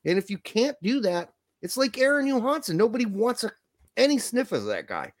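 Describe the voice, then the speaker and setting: Lively, blunt man co-hosting a livestream. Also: extremely high pitch, brisk, dry recording. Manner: blunt, profane, joking. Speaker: podcast co-host. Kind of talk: casual livestream chat.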